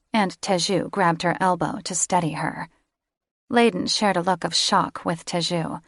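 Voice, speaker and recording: Low, unhurried woman narrating an audiobook. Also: gravelly, no room sound, studio quality. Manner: voices each character with shifts in pitch and loudness.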